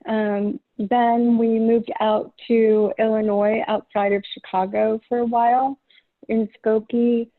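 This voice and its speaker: A woman's voice: fairly high pitch, flat delivery, takes it slowly, dry recording. A middle-aged woman from Long Island, a holistic chiropractor, answering interview questions casually with frequent ums and hesitations. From Long Island, New York. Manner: hesitant, many ums, light laughs. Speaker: podcast guest, holistic chiropractor. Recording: tinny phone-like line.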